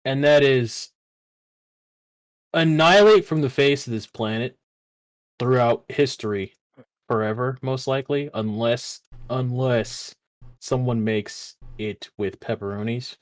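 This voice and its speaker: A man's voice: medium pitch, a little slow, dry recording. A young man co-hosting a casual podcast, telling stories in heavy slang and laughing often. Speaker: podcast co-host. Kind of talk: casual chat.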